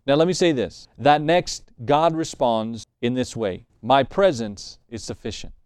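A man's voice: medium pitch, measured pace, darkish tone, smooth, no echo, clean studio sound. A man preaching a sermon in a conversational way, reading scripture and acting out what the Bible figures say. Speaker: pastor.

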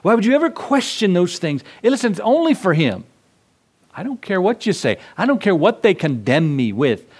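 Preacher, man, slightly raised pitch, fiery sermon delivery with dramatic loud-soft swings. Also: sing-song, normal speed, breathy edge. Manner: acts out dialogue in a storyteller's voice. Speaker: pastor.

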